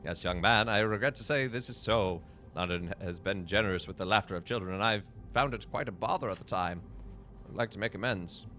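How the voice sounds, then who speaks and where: A man voicing a repentant old miser with a lowered, gruff and formal delivery while reading a video game aloud. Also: a little fast, bright, forceful tone, soft background music. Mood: formal contrite.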